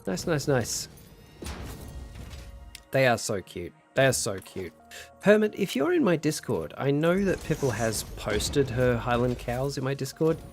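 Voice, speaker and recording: A man's voice: mid-range voice, measured pace, faint music behind. A young man chatting casually while streaming a game, telling stories and reading chat aloud. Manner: chatty, animated storyteller, reads chat aloud.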